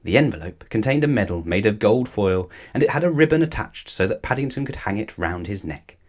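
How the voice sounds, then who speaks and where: Lively man reading a children's story. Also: lowish voice, brisk. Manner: lively, expressive. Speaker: storybook reader. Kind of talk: children's read-aloud narration.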